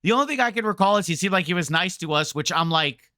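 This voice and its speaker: High bright guy streamer ranting at chat, rambly and sarcastic. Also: animated, fast, no echo, studio quality. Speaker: game streamer. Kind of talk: casual game rant to chat.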